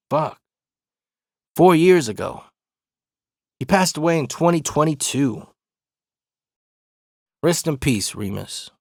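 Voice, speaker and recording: Man in his 40s, podcast host, casual profane storytelling, slightly high voice, dry close sound. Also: gravelly, dry recording. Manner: profane, laid-back, rambling.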